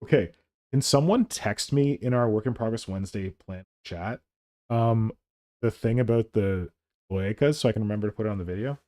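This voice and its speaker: A man's voice: lowish voice, moderate pace. A man hosting a hobby stream, chatting casually and joking around with silly voices. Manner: jokey, animated, silly put-on voices. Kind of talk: casual chat.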